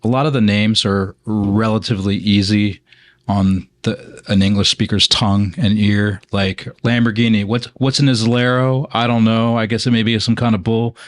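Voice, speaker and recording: A wry man co-hosting a car podcast, with a low voice recorded dry and close. He muses aloud and often stops to restart his sentences. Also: level tone, no echo. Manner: wry, musing, talks in halting restarts. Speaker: podcast co-host. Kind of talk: casual car podcast chat.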